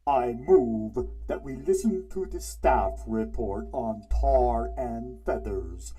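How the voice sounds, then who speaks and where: A man's voice: medium pitch, animated, slow pace, music in the background. A man voicing a stern supervisor making formal motions in a satirical cartoon.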